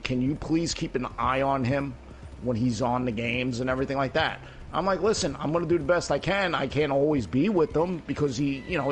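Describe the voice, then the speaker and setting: A man's voice: mid-range voice, slight background noise. A man in casual voice chat with friends, earnestly retelling a talk with his son and repeating "I said" again and again. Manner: long retelling that repeats "I said" over and over; earnest and emphatic. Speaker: father chatting with friends in a game party.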